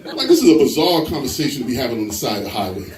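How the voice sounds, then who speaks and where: Male stand-up comic, animated storyteller with a lively pitch, recorded from a distance in an echoey live room. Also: rapid-fire, slight background noise. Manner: animated storytelling, frequent quoted voices. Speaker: stand-up comedian. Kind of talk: stand-up comedy set. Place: live comedy venue.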